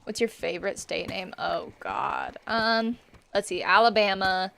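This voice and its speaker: A woman's voice: medium pitch, lively intonation, a little slow, creaky, a bit bright, a little hiss or hum. A woman streamer chatting casually and rambling to her viewers while she plays a game. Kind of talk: casual gaming chat.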